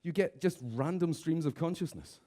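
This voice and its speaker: Lively man giving a comic keynote. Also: a little high, moderate pace. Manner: lively, mimics office characters in raised voices. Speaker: conference speaker. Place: conference stage.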